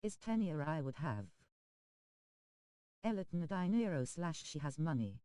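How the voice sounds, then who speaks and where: Mellow, smooth synthetic chat-reading voice. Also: mid-range voice, sing-song, a little slow, no room sound, low-quality recording. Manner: reads emoji names and abbreviations aloud literally. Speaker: text-to-speech chat reader on a game stream.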